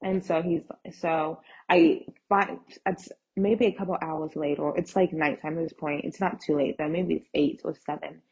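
A young woman hosting a podcast, telling a casual story in an animated way and acting out the dialogue, on a dull lo-fi recording. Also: low-pitched, moderate pace, few pauses, breathy edge. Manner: animated, acts out quoted texts and dialogue. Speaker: podcast host.

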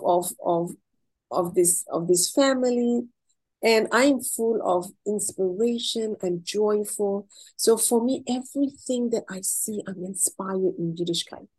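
A woman's voice: medium pitch, unhurried, darkish tone, husky, low-quality recording. A middle-aged woman being interviewed, telling heartfelt personal stories in an emotional, effusive way and repeating words when she is moved.

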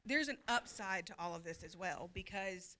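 A woman in her thirties giving a candid, earnest personal testimony to a church group, talking fast at times and laughing easily. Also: medium pitch, expressive, bright, forceful tone. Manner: open and earnest, quick when anxious, laughs easily. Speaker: pastor's wife sharing her story.

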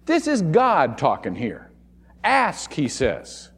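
Male pastor preaching, high voice that swoops up and down a lot, big echoey church hall. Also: very animated, a little slow, a little mellow. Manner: emphatic, repeats key words for stress. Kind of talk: sermon. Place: church sanctuary.

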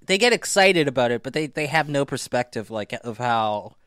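A man chatting casually as a podcast guest, rambling with many restarts and fillers, and getting animated when he retells a story. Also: mid-range voice, normal speed, clear, resonant tone, no room sound, studio quality. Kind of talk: casual chat.

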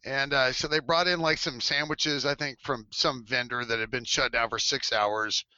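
A man's voice: mid-range voice, moderate pace, dry recording, lo-fi sound. A man around forty telling a story in casual chat, laughing often and acting out other people's lines in changing voices. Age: 40s. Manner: animated, laughing, acts out quotes in shifting voices. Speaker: former cheerleader telling a story. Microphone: headset mic.

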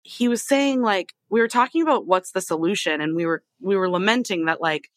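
A woman hosting a podcast, chatting casually and gushing, with quick asides. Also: mid-range voice, dry recording. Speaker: podcast host. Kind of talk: casual chat.

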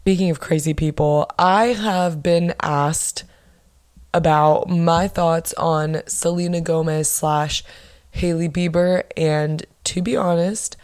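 A young woman hosting her own podcast, chatting casually and bluntly with lots of swearing and animated bursts of emphasis. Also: on the low side, slow pace, smooth. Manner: blunt, profane, gossipy. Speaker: podcast host. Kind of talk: casual solo podcast chat.

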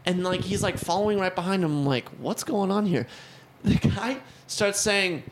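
A man's voice: high voice, moderate pace, background noise. A young man co-hosting a podcast, telling a story in a casual chat and acting out the people in it. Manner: animated storyteller, acts out the people in his stories. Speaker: podcast co-host.

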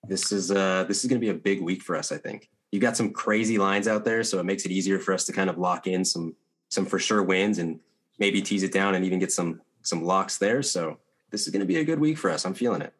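A man co-hosting a casual sports betting chat, confident and talking in quick bursts. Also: deep voice, slightly rough. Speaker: podcast co-host.

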